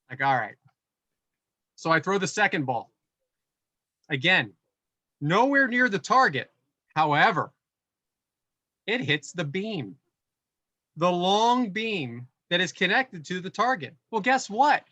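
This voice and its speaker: A middle-aged man co-hosting a podcast, telling a casual story with animated build-ups and voiced quotes. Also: sits high, takes it slowly, pauses often, no echo. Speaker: podcast co-host.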